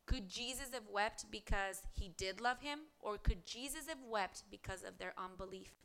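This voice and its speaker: Bright-voiced woman preaching earnestly. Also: medium pitch, moderate pace, vocal fry. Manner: earnest, rhetorical questions, reads scripture aloud. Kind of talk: devotional podcast sermon.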